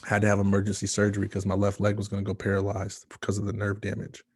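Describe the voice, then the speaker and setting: A man from Michigan giving a motivational speech, telling his own story with dramatic pauses and hushed asides. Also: lowish voice, completely flat delivery, husky, no echo, studio quality. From Michigan, USA. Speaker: motivational speaker.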